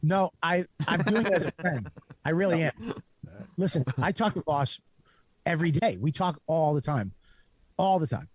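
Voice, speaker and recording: A man's voice: on the high side, lively intonation, moderate pace, dry recording. A man on a radio talk show, blunt and profane, getting worked up as he argues with a friend. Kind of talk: heated studio banter.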